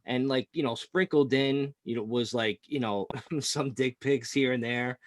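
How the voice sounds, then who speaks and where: A man's voice: medium pitch, unhurried, dry recording, clean studio sound. Rambling, profane New man. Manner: rambling, profane, lots of fillers and laughing. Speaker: podcast co-host. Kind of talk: casual sports podcast chat.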